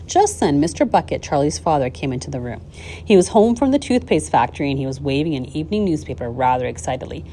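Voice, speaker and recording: Woman reader, children's novel, animated, warm mellow tone. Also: deep voice, brisk, breathy edge. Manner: lively expressive storytelling with small slips. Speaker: audiobook reader. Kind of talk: reading a children's novel aloud.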